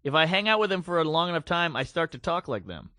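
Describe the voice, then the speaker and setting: A man co-hosting a comedy podcast, trading quick deadpan quips in casual chat. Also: fairly high pitch, no room sound, clean studio sound. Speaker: podcast co-host.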